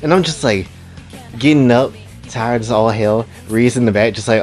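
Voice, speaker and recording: A man's voice: medium pitch, fairly even intonation, normal speed, darkish tone, soft background music. Laid-back man narrating with crude slang. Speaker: storyteller. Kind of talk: casual self-insert story narration.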